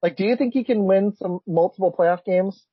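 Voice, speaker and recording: A man with a slightly higher, husky voice chats about football with quick, excitable reactions. His sound is dry and close, with a dull, lo-fi edge from a remote podcast setup. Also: no echo. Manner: excitable, blurts reactions, laughs often. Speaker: podcast host. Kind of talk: casual sports chat.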